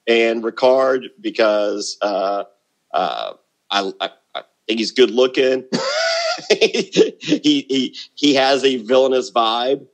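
A middle-aged man, a guest in a casual interview, telling brash, rambling stories full of restarts and quick asides. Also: mid-range voice. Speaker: guest, former reality show contestant.

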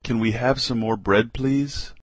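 A man reads practice phrases for language learners at an unhurried pace, pausing after each one. His voice sits a little low and has a husky edge. The recording is dry and close, with no room sound. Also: fairly even intonation, no room sound. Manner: reads short phrases one at a time with pauses. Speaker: language lesson reader. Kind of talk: slow reading of practice phrases.

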